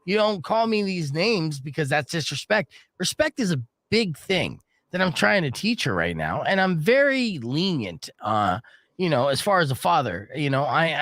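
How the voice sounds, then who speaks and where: A man in his thirties hosting a morning rock radio show, telling stories from home in an animated, swearing way. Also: fairly high pitch, dry recording, clean studio sound. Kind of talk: casual morning radio banter. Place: radio studio. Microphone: studio microphone.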